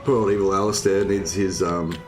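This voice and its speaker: A man's voice: deep voice, steady tone, brisk. A man chatting casually and thinking aloud with lots of ums while streaming a co-op strategy game. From Australia. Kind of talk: casual co-op gameplay commentary. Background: game music.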